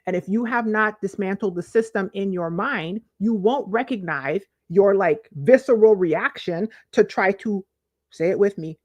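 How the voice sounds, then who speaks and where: A woman's voice: mid-range voice, unhurried, dry recording. A woman hosting a casual livestream, talking straight to her chat with emphatic repeats and asides. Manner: animated, talks to chat, emphatic repetition. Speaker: livestream host.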